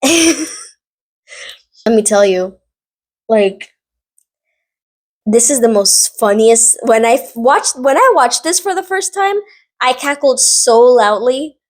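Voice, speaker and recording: A woman talks straight to her viewers in a casual, chatty recap, her voice sitting a little higher than most. She rambles, wanders into side notes and leans on "like" constantly. The energy stays animated and conversational throughout. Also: slow pace, long pauses. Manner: animated, rambling, heavy use of "like". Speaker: book and drama recap vlogger.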